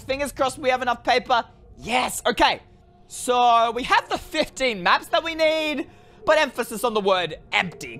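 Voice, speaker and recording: Animated woman narrating gameplay. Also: mid-range voice. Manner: animated, chatty, exclaiming in excitement. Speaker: gaming video creator. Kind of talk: let's-play commentary to viewers.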